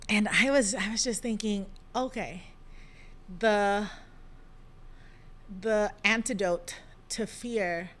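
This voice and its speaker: A woman hosting a podcast, giving a thoughtful devotional reflection in a gentle manner, pausing often with soft ums. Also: mid-range voice.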